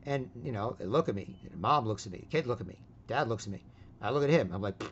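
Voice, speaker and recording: A man's voice: medium pitch, expressive, fast. A man hosting an online voice chat who rants loosely and keeps tagging his lines with "right?". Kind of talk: rambling casual rant. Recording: dull lo-fi audio.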